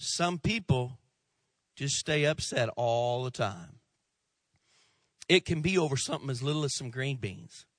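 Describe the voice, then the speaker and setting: A male pastor giving a sermon, telling humorous stories in an animated way. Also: mid-range voice, measured pace, pauses often, dry recording.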